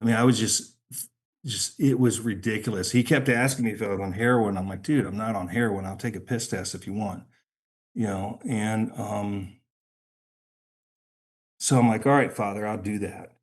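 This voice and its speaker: A middle-aged man, a podcast guest, telling a personal story in a halting, emotional way, often repeating words. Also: on the low side.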